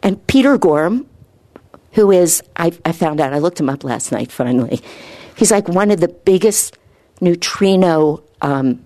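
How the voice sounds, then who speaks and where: A woman giving an informal spiritual talk, earnest and rambling, her voice lifting higher when she gets excited. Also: measured pace, no echo. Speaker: spiritual speaker.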